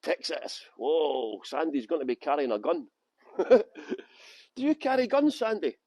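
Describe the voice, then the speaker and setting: A tour guide from Halifax, West Yorkshire, England, leads a live-streamed walking tour outdoors on city streets, chatting and joking with viewers by name. His voice is on the high side, sing-song, a little slow and a little mellow, in a dry recording.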